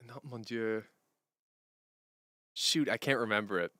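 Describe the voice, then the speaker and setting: A man's voice: fairly low pitch, unhurried, pushed and bright, no echo. Male streamer, casual rambling chat, clean dry close mic. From Canada. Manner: rambling, chatty, answers chat questions, laughs easily. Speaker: streamer and musician. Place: room at home, sitting on a hardwood floor.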